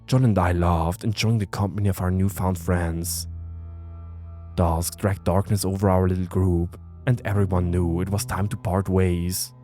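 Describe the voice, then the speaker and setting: A man narrating a first-person horror story in a tense, measured way. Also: deep voice, level tone. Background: soft music.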